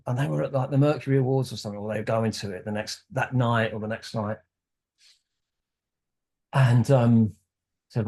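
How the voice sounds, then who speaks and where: Guy guesting on a podcast, kinda low voice, rambles through his story doing little quote voices. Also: steady tone, a little fast, pauses often, warm tone. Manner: rambling, acts out quoted dialogue. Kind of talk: casual conversational storytelling.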